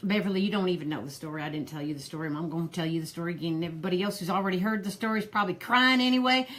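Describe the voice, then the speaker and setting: A woman's voice: fairly low pitch, racing, a bit bright, lightly acted. A woman voicing a harried, gossipy old granny who rambles in a folksy drawl while hosting a pearl party. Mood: chatty. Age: older. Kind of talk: comedic character live stream.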